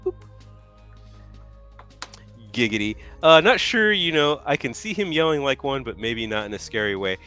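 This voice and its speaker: A man co-hosting a live painting stream, telling stories in a loud, animated way and laughing often. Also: a little high, a little fast, few pauses, soft background music. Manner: animated storyteller, acts out yelling, laughs a lot. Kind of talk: casual chat, telling stories.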